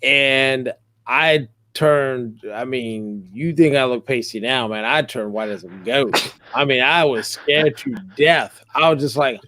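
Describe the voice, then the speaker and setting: A middle-aged man telling a funny story on a podcast, animated and joking. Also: mid-range voice, slow pace, dry recording. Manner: animated, joking, acts out quotes. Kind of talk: casual storytelling.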